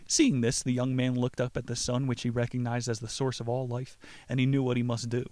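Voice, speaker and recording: A man's voice: mid-range voice, flat delivery, brisk, dark tone. A man hosting a podcast who casually comments on a book and reads it aloud, rambling in profane slang. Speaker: podcast host.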